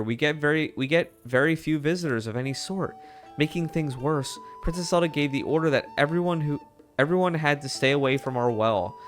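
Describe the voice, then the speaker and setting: A man's voice: a little high, a bit bright, pitched above the performer's own voice, natural voice. A man voicing a weary, gloomy man who runs a failing stable, complaining in a mopey way.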